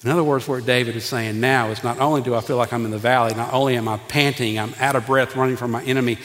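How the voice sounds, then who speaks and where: Folksy pastor preaching in a hall. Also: male voice, medium pitch, fast. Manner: folksy, animated preaching with asides to the congregation. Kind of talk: sermon. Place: church sanctuary. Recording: long reverb of a church hall.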